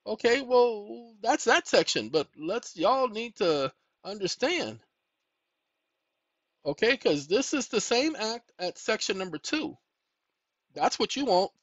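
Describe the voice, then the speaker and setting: A man's voice: high voice, slow pace, no room sound. A man hosting a casual talk, reading documents aloud and addressing viewers as y'all, with a tired voice from a long session. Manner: animated, rising excitedly, addresses viewers as y'all. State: tired, fatigued voice. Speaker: channel host. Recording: dull, lo-fi home recording.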